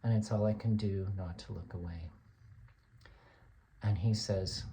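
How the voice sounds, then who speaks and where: A man's voice: deep voice, steady tone, unhurried, long pauses, mellow. A man performing a comic dramatic monologue as a college lecturer who vents in an exasperated storytelling manner.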